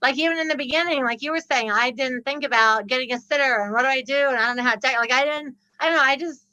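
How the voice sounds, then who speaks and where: A woman guest on a podcast, telling a story with lively laughter and acting out the people in it. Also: high-pitched, quick pace, dry recording, poor audio. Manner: laughs often, acts out the people in her story. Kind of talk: animated storytelling.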